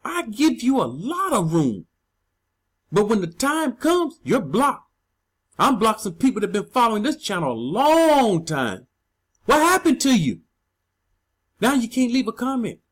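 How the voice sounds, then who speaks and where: A man's voice: extremely high pitch, wildly swooping pitch, a little slow, pauses often, husky. A man preaching to his online channel audience, emphatic and scolding, repeating his points.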